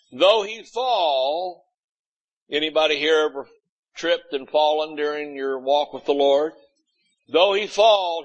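A man's voice: fairly high pitch, fairly bright tone, dull audio. Folksy, blunt preaching man. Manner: folksy, blunt preaching with mocking quoted voices. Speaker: pastor. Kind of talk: sermon. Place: church sanctuary.

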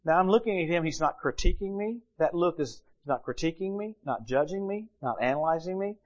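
Lively middle-aged man preaching a sermon. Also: a little high, a little fast, muffled recording. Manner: lively storytelling with humor and Bible reading.

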